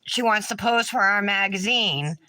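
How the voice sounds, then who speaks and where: A woman's voice: mid-range voice, normal speed, pushed and bright. A woman chatting casually and telling stories while doing her nails, laughing easily. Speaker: nail vlogger.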